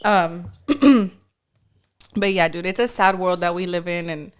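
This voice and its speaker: A woman's voice: lowish voice, measured pace, clean tone. A woman co-hosting a podcast in casual chat, laid-back, saying "dude" a lot and mixing in Spanish. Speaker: podcast co-host.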